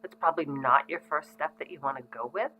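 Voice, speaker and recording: Middle-aged woman, low pitch, casual parenting educator, relaxed and conversational. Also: fairly quick, highs cut off, faint music behind. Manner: frequent ums, conversational and reassuring. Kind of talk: casual instructional talk to parents.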